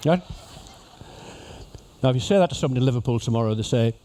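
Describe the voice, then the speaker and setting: A man's voice: medium pitch, racing, dark tone, a little hiss or hum. A man giving a humorous, chatty talk to cruise passengers as an after-dinner speaker. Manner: jokey, chatty storyteller addressing an audience. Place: ship lecture venue.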